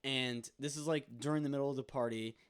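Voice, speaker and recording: A man's voice: mid-range voice, steady tone, fast, clear, resonant tone. A young man co-hosting a podcast, telling a long story in casual chat, full of ums and likes. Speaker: podcast co-host.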